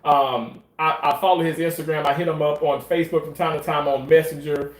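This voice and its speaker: A man's voice: on the high side, steady tone, a little fast. Profane storytelling man in an echoey room. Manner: profane, emphatic, repeats himself for effect. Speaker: commentator. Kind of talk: casual storytelling.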